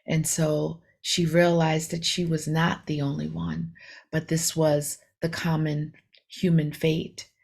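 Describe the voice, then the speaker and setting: A woman's voice: sits low, monotone, slow pace, gravelly, a little mellow. A woman meditation teacher giving a reflective dharma talk, retelling a story with many fillers, self-corrections and rhetorical questions.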